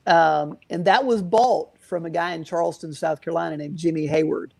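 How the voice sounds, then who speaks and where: Guitar shop guy telling a long story, lots of ums, gravelly voice. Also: a little high, steady tone, normal speed, a little mellow. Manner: rambling, many fillers and restarts. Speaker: interview guest, guitar shop owner. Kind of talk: casual storytelling interview.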